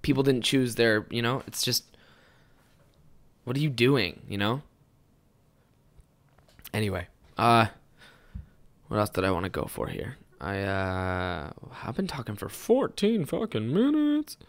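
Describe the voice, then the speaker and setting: A young man with a fairly high voice hosting a casual solo podcast, rambling and swearing a lot as he tells stories. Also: unhurried, pauses often. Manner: rambling, heavy swearing, animated storytelling. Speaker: podcast host.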